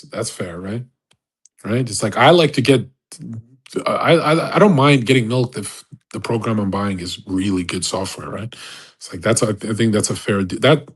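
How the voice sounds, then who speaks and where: A man's voice: mid-range voice, breathy edge. A male livestreamer in a rambling, profane rant, laughing often between points. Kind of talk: casual ranting monologue.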